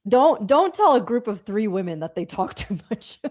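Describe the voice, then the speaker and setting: A woman's voice: medium pitch, very animated, moderate pace, a little mellow. A woman co-hosting a live trading stream, asking playful, teasing questions in casual chat.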